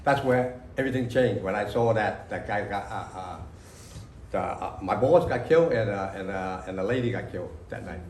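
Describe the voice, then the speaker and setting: A man, an author recalling his past to a library audience, talking haltingly with many fillers and broken grammar. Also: lowish voice, darkish tone, slight background noise. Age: 60s. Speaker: author at a book reading. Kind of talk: casual spoken memories to an audience. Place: library reading room. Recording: echoey room.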